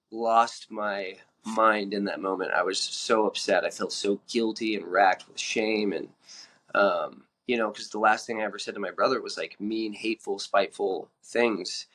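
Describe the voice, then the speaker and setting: A man's voice: on the low side, a bit bright. A man speaking frankly on a podcast about his past, plain-spoken and full of fillers and restarts as he tells it. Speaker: podcast guest sharing recovery story. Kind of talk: candid personal storytelling.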